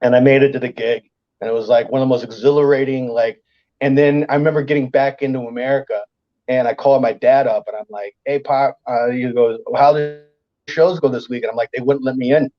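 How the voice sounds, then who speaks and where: Talking fast in a medium-pitched voice, a man who's a comedian guest spins a story full of profanity. He's animated and casual, performing the voices of the characters, and the recording has its highs cut off.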